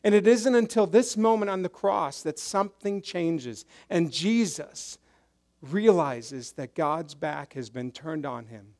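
Man preaching, slow delivery, slightly high voice, dramatic loud-to-hushed swings. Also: animated. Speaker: pastor. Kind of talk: sermon.

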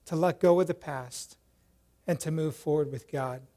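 Animated high-voiced male preacher. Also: moderate pace. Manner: animated storyteller, acts out quoted voices loudly, drops to soft prayerful tone. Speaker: pastor. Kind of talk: sermon with storytelling.

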